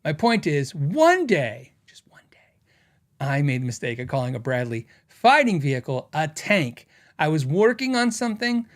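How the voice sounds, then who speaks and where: A middle-aged man hosting a casual podcast, telling stories in a rambling way with lots of fillers as he reads out viewer comments. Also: a little high. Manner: rambling storytelling with frequent fillers and laughs. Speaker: podcast host.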